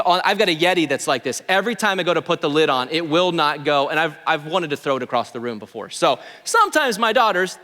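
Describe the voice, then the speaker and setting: Animated male pastor preaching. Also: on the high side, in a large hall. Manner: animated, conversational preaching with asides to the congregation. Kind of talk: sermon. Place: church sanctuary.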